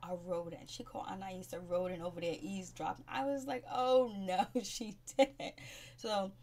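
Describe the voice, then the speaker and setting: A woman giving a casual, slangy recap of a TV show, chatting in an animated way. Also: fairly low pitch, normal speed.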